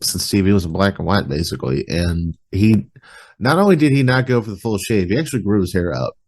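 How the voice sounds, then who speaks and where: A man hosting a podcast in casual chat, relaxed and rambling, filling his talk with "like", over a video call webcam. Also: low voice, fairly quick.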